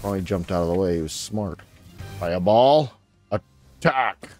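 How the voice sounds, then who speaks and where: A young man narrating his gameplay in a relaxed, joking way, his low voice swinging up into sudden excited squeaks. Faint music plays beneath him as he chats to his on-screen creatures. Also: unhurried. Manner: playful, talks to his creatures, sudden excited jumps in pitch. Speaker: gaming channel host. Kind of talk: casual gameplay commentary.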